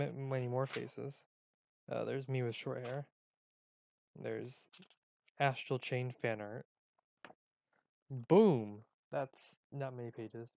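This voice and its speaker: A man's voice: mid-range voice, gravelly, darkish tone, dry recording, highs cut off. A man in a casual vlog who rambles and jokes at his own expense. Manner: rambling, joking, self-mocking. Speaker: video creator.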